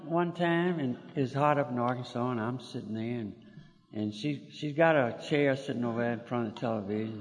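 An older man, telling his own story to a group in a folksy, plainspoken way with mild cursing. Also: mid-range voice. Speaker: speaker sharing his story. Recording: echoey hall, audience laughter far off.

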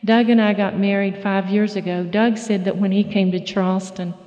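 Middle-aged woman telling her story at a meeting, mellow voice, lots of uhs, echoey dull recording. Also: mid-range voice, level tone. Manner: folksy, halting storyteller with many fillers and restarts. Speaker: speaker at a recovery meeting. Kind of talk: personal testimony talk.

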